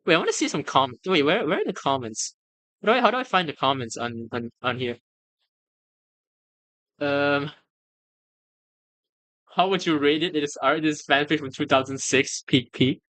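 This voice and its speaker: A streamer reacting on a live stream in a casual, excitable way, laughing often, swearing freely and stammering through restarts. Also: mid-range voice, moderate pace, pauses often, no echo. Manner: stammers and restarts when flustered.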